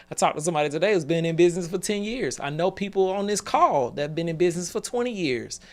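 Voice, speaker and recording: A man in his forties giving an earnest motivational talk on a live call, telling stories and laughing between points. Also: a little high. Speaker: business speaker.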